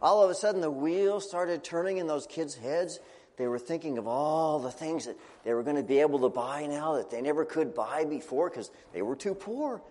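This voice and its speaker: A man preaching a children's sermon as a story, chatty and animated, asking his listeners questions. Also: a little high, moderate pace, long reverb tail.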